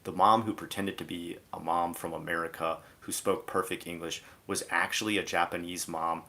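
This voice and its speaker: A man's voice: low-pitched, fairly even intonation, normal speed, bright, forceful tone. A man streaming live, giving a casual, exasperated commentary rant that is full of "like" fillers.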